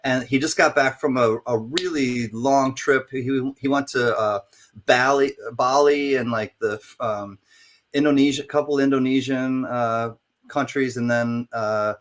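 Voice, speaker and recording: A man co-hosting a casual livestream chat, giving easygoing shout-outs to viewers. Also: medium pitch, steady tone, unhurried. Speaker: co-host.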